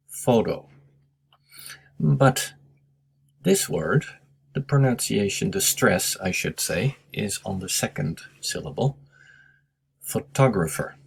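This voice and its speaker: Male English teacher with a deep, unhurried delivery, patient and explanatory. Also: gravelly, breathy edge. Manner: slow, patient explaining with Japanese glosses. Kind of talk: recorded lesson review.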